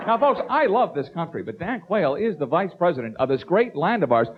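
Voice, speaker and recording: A man doing stand-up comedy, animated, stammering through restarts and slipping into impressions. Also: on the high side, fast, hardly any pauses. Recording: dull lo-fi tape with hiss.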